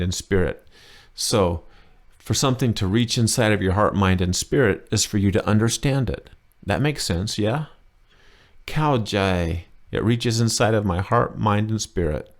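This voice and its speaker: A man teaching a language lesson in a chatty, enthusiastic way, explaining slowly and repeating key words. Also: low-pitched. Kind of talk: casual spoken lesson.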